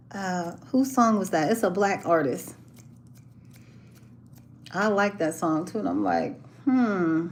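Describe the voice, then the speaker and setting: A woman's voice: fairly low pitch, creaky, a little mellow, slight background noise, rough recording. A woman hosting a casual live chat, talking with viewers, laughing often and acting out the voices of the people in her stories. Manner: chatty, laughs often, acts out quoted voices. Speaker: livestream host chatting with viewers. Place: hotel in a city, music from a band downstairs.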